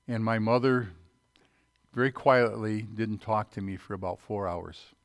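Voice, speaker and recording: A man's voice: fairly low pitch, no echo. A man preaching a sermon, reading scripture aloud and checking in with his listeners.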